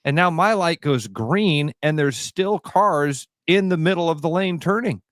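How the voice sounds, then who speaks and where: A man's voice: fairly high pitch, measured pace, no echo, clean studio sound. A radio co-host, a man, telling stories in casual morning banter and acting out the people in them. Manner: animated storyteller, acts out quotes.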